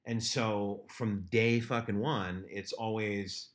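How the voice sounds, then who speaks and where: A man's voice: on the low side, fairly even intonation, takes it slowly. A man co-hosting a podcast in casual chat, joking crudely and talking candidly about his past. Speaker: podcast co-host.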